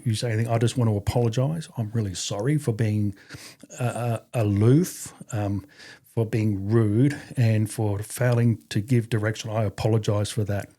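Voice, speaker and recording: Husky, mellow-voiced Australian man telling stories. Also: medium pitch, moderate pace. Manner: swears freely, laughs through anecdotes. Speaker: podcast guest, army veteran. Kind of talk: casual storytelling interview.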